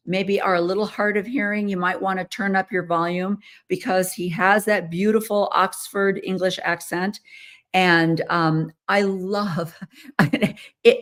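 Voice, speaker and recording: Woman, American accent, middle-aged, casual host monologue, somewhat low voice, rambling with fillers. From United States. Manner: chatty, rambling, frequent ums and laughs.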